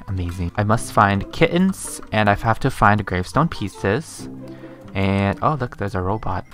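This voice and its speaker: A woman's voice: very deep voice, fairly bright tone. A young woman casually commenting on her gameplay in a giggly, playful, exclaiming way. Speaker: gaming video host.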